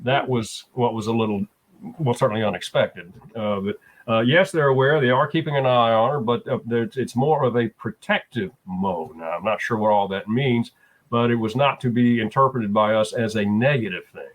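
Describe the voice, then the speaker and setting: A man speaking in a voice of middle pitch, neither high nor low. He tells a story in a relaxed, conversational way, pausing with frequent fillers as he goes. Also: rough recording. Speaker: guest. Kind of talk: casual conversation.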